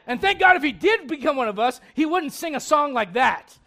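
A male pastor preaching a sermon, animated and humorous, with laughing asides and acted-out quotes. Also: extremely high pitch, fairly quick.

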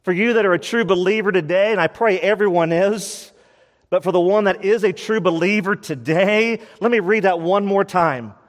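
A male pastor preaching to his church in an urgent, pleading way, hammering his points home through repetition. His voice sits a little high for a man. Long reverb from the sanctuary hangs after each phrase. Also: normal speed. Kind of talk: sermon.

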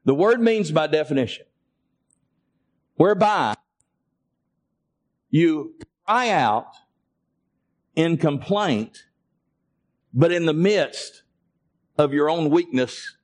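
A male pastor preaching a sermon, calling out to the congregation and building up to impassioned, near-shouted passages. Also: a little high. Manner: calls to the congregation in a Southern US vernacular.

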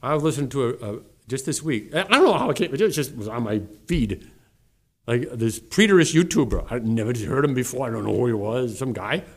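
Male pastor preaching in church, mid-pitched voice, lively preaching that jumps from loud to quiet. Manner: animated preaching, swinging from loud emphasis to low mocking asides. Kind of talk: sermon.

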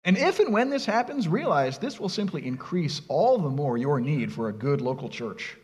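Male pastor, sermon, conversational, rhetorical questions, very lively intonation, long hall reverb. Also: a little high, normal speed.

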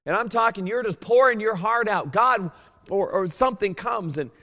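A man preaching a sermon as a pastor, earnest and pleading, swinging from loud appeals to hushed tones. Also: high-pitched, moderate pace. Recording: long hall reverb.

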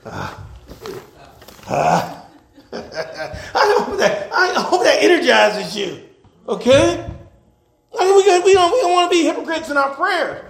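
A man preaching a sermon as pastor. He swings from loud to hushed and laughs as he preaches. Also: extremely high pitch, lively intonation, normal speed, gravelly, roomy sound. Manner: laughs while preaching, acts out quoted voices.

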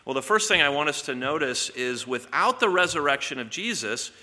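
A man's voice: a little high, big pitch swings, brisk, bright, forceful tone, big-room sound. A man preaching an expository sermon as a pastor, earnest and emphatic, often repeating words as he builds a point.

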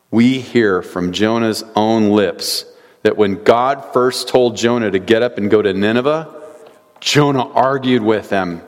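In an unhurried voice on the low side, a pastor preaches earnestly in a church sanctuary, reading scripture aloud and asking rhetorical questions. The recording carries a long church hall reverb.

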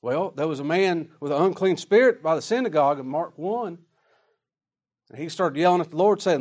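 A man preaching a sermon emphatically, swinging between loud declarations and hushed asides. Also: a little high, animated, moderate pace, pauses often.

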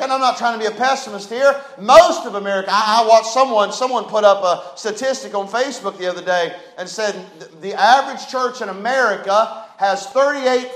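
A pastor preaches in a notably high voice. He fires off rhetorical questions, dropping to near-hushed asides before rising into loud cries. The sound rings through a reverberant church room. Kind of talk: sermon. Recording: echoey room.

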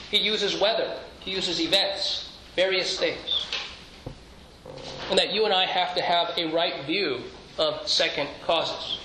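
A man's voice: high-pitched, sharp tone. A man pastor preaching a sermon in an earnest, conversational way, asking rhetorical questions and restarting his phrases. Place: church sanctuary. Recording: echoey church room, faint noise.

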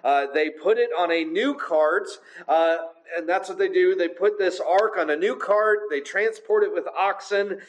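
A man's voice: high-pitched, measured pace, poor audio. A man preaching a sermon in a conversational way, with frequent filler sounds. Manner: conversational, many filler uhs.

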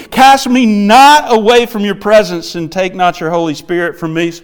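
A male preacher delivers a heartfelt sermon. His voice sits high and comes through smooth and resonant, rising to emphatic passages and dropping to hushed ones. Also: fairly even intonation, moderate pace, few pauses. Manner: earnest, swings between emphatic and hushed; sings a few hymn lines.

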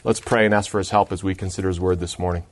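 A pastor preaching an earnest, emphatic sermon in a church, leaning on deliberate repetition to stress his points. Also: deep voice, steady tone.

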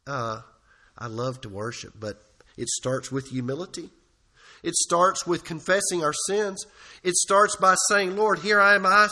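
Pastor, male, bright high voice, earnest sermon delivery with emphatic swells. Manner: earnest preaching, rising to emphatic peaks. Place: church.

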